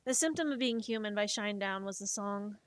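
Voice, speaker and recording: A woman streamer chatting casually while she makes art, swearing freely and retelling things in an animated, emotional way. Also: mid-range voice, brisk, a little hiss or hum. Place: home streaming setup.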